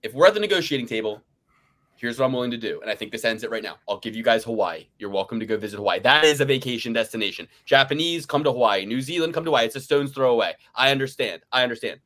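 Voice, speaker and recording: A man's voice: medium pitch, expressive, rapid-fire, fairly bright tone. A man from the United States co-hosting a casual sports betting podcast, ranting with mock outrage. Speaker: podcast co-host.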